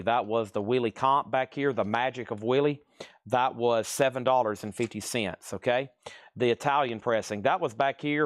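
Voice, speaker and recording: A man hosting a live-streamed record sale, listing items at a rapid clip and slipping into playful sales pitches. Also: no echo. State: out of breath. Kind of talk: live-stream auction patter.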